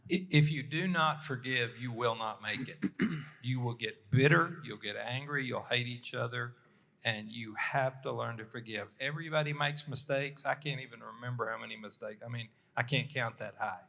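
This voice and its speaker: A man's voice: mid-range voice, normal speed, creaky, bright, forceful tone. Blunt, emphatic man. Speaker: panel guest, husband. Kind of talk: casual panel talk.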